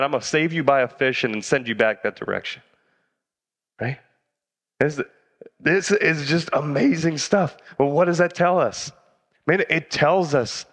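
A man's voice: a little high, fairly bright tone. A man preaching a casual sermon as a youth pastor, conversational and slangy, often asking the audience questions. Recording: reverberant hall.

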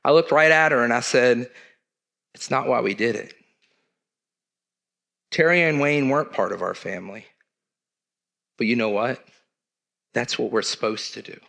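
A man's voice: medium pitch, moderate pace, gravelly, long pauses, fairly bright tone. A middle-aged man, preaching in an earnest, conversational way to his church. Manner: earnest, conversational preaching with southern turns of phrase. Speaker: church leader. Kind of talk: sermon.

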